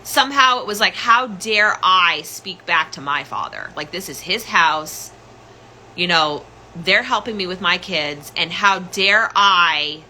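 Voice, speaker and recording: Bright-voiced woman rambling through a story. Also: fairly low pitch, a little hiss or hum, rough recording. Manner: rambling, filler-heavy, full of "like" and "um". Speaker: podcast host. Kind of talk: personal story told casually.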